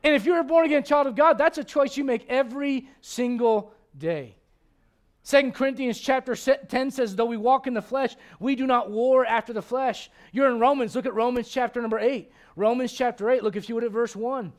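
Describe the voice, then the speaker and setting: A man in his forties preaching a sermon in a church, animated and joking with the congregation between Bible readings. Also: very high voice, fairly quick. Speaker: pastor.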